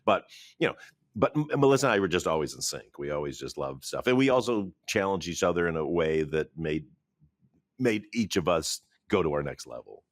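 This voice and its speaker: A man, a film director, talking in an interview from his office, animated, laughing often and acting out quotes. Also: sits low, brisk, dry recording, clean studio sound. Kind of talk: interview conversation.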